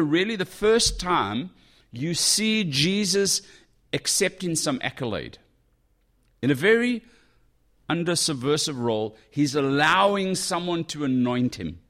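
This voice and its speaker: A man preaching a sermon in a conversational, animated way, breaking into exclamations as he reads and explains a passage. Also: medium pitch. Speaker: pastor.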